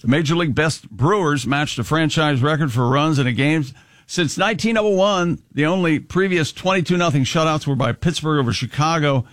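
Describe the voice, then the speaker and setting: A man's voice: on the high side, fairly bright tone, dry recording, clean studio sound. A man hosting a casual radio show, reading sports scores and odd news with jokes. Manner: reads headlines briskly with jokes and laughs. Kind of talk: casual morning radio chat.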